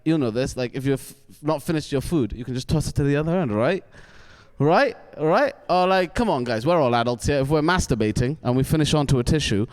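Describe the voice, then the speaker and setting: A young man from Wales performs stand-up on a theatre stage, grumbling and ranting with a cantankerous edge. His voice sits a little high and sounds smooth and resonant. He stumbles into quick restarts as he throws questions at the crowd. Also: in a large hall. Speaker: stand-up comedian. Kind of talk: stand-up comedy set. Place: theatre stage before a live audience.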